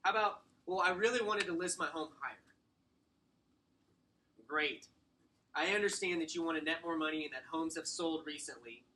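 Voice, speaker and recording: A man giving a sales training talk to a small room, acting out client scripts and slowly stressing short commands. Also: on the high side, sharp tone, slight background noise, low-quality recording. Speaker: real estate sales trainer.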